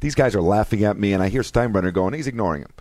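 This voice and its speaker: A man who is a guest actor telling a story in an excitable, animated way, sometimes breaking into shouts, on a podcast studio mic. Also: on the low side, very fast, dry recording. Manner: excitable, shouts when reenacting.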